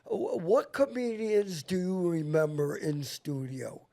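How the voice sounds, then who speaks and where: A man's voice: high voice, very animated, takes it slowly, vocal fry, dark tone. A man hosting a casual podcast chat, blunt and swearing freely. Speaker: show host.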